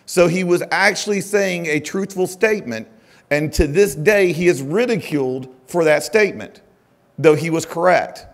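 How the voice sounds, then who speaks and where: Man, keynote speaker, conversational and animated, lots of fillers. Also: a little high, normal speed. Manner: chatty, full of "uh" and "it's like" fillers. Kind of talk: conference keynote. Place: conference stage.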